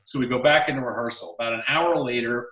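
Male actor guest, animated anecdote teller, roomy room sound, slightly off-mic. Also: mid-range voice, quick pace, distant mic. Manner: animated storyteller acting out quoted lines. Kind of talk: casual anecdote storytelling.

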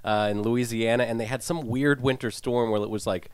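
Regular guy talking football, calm and thoughtful, dry mic. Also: medium pitch, brisk, clear, resonant tone, dry recording. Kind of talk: casual sports chat.

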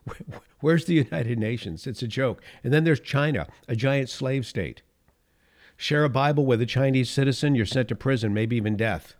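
Mid-range in pitch and darkish in tone, this middle-aged man hosts a political commentary podcast. His sarcasm builds as he heats up, then he pulls himself back down, often laughing at his own remarks.

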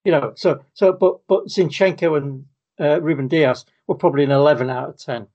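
Man, casual football podcast chat, hesitant restarts, slightly high voice, muffled lo-fi sound. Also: fairly quick, darkish tone. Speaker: podcast co-host.

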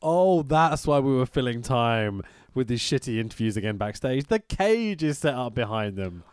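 Another podcast co-host, a man, riffs sarcastically on old wrestling, laughing at the show and now and then cursing. He speaks at a moderate pace in a medium pitch with big swings, clean in tone, in clean studio sound with no echo.

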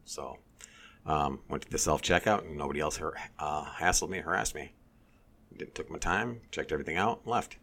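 A man telling a story in casual chat, animated and swearing, mimicking others in a high voice. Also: normal speed.

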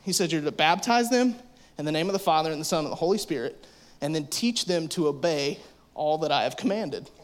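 A man preaching to kids in a casual, animated way, filling his talk with "like" and acting out little voices. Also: fairly high pitch, brisk. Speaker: youth pastor. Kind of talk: youth sermon.

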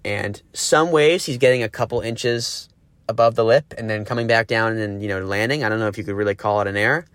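A man's voice: lowish voice, brisk, a bit bright, clear, resonant tone, no room sound. A young man from Los Angeles telling a surf story in a grumpy, profane, rambling way. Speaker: caller confessing a surf story. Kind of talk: casual storytelling.

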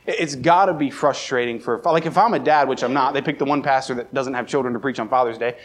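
This young adult man is a pastor from around Baltimore, delivering a sermon in a church sanctuary. He talks fast at medium pitch, animatedly acting out the scenes of a personal story with a raised voice.

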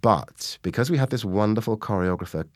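A man, an actor, answering interview questions with animated stories, acting out quoted lines as he goes. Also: lowish voice, fairly quick, no echo.

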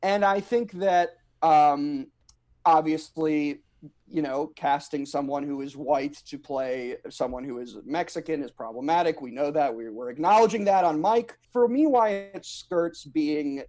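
A man's voice: a little high, a little mellow. Laughing male podcast co-host. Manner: laughs often, measured and hedging on serious points. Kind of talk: casual film discussion.

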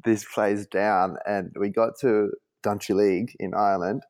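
A man's voice: lowish voice, fairly even intonation, measured pace, a little mellow. A young man with an Australian accent, a podcast guest telling a rambling family story full of "like" and restarts. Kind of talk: casual storytelling.

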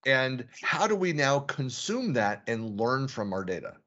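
A male podcast host with a lively, swinging pitch builds his points in long, animated runs. The audio is muffled and lo-fi, like an online call. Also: unhurried. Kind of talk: casual conversational interview.

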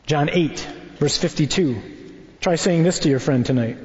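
A priest teaching in a conversational sermon, animated and wry, tossing out rhetorical questions. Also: male voice, on the high side, unhurried. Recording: dull recording in a reverberant hall.

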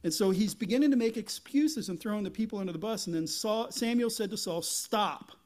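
A man preaching a sermon as pastor, retelling a Bible story in an animated way and often restarting his sentences. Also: sits high, quick pace. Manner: animated storytelling, acting out biblical figures, frequent restarts.

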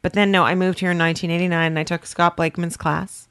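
Woman from Canada, comedian guest, gravelly, animated raconteur. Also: lowish voice, fast talker. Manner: animated storyteller who slips into impressions. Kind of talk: casual interview chat.

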